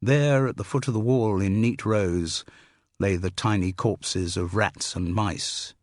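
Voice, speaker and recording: A man narrating an audiobook in a measured, wry storytelling manner, with a slightly breathy voice. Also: fairly low pitch, fairly even intonation, dry recording. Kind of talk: scripted narration. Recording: dry close studio sound.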